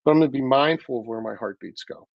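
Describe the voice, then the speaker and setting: Male host, gravelly and dry, earnest reflective talk with frequent restarts. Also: mid-range voice, fast, no echo, lo-fi sound.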